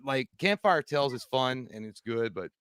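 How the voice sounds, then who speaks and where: A man's voice: medium pitch, animated, a bit bright, clear, resonant tone, no room sound, studio quality. A man co-hosting a live movie stream, joking around, swearing and often restarting his sentences. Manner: joking, profane, halting. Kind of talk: casual chat.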